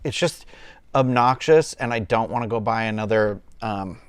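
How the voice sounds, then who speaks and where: A man's voice: lowish voice, moderate pace, smooth, no echo. A man with a loose Southern US accent hosting a casual livestream from home, chatting in a rambling way full of fillers and restarts. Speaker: livestream host. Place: at home, sipping a cocktail on camera.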